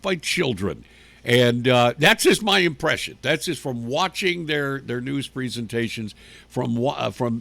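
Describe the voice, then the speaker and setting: Gravelly-voiced man hosting from home. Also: medium pitch, a bit bright, dry recording. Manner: rambling, blunt and crude, with many restarts. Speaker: talk show host. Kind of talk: casual rambling monologue on a livestream. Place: his living room at home.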